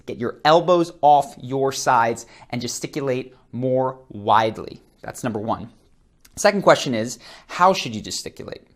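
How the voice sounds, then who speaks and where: An energetic male coach teaching straight to camera, his voice in a middle range. He demonstrates as he talks and shifts his tone and rhythm to make each point. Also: medium pitch. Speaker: charisma and body-language coach. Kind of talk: on-camera instructional talk. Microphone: close camera framing, seated.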